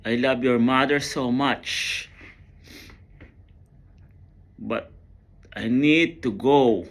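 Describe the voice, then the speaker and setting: Man, mid-pitched, slow halting delivery, earnest emotional monologue with repeated words. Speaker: storyteller.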